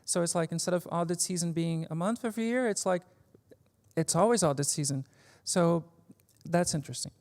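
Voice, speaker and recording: A woman's voice: fairly low pitch, fairly quick, a little mellow. A woman giving a casual technical conference talk, joking, swearing lightly and leaning on fillers. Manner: informal and joking, with frequent fillers and mild swearing. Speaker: conference speaker. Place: conference stage. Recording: reverberant conference hall.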